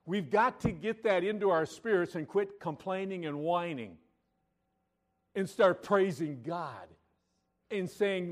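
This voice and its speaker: A pastor preaching a sermon, reading scripture aloud and moving between loud emphatic lines and quiet, intimate asides. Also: male voice, on the high side, normal speed. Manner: reads scripture in King James wording.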